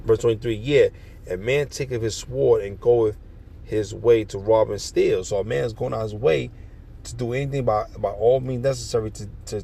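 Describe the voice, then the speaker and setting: Gravelly man preaching scripture, street style. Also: medium pitch, dark tone. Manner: reads verses then riffs in slangy, profane commentary. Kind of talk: scripture reading with commentary.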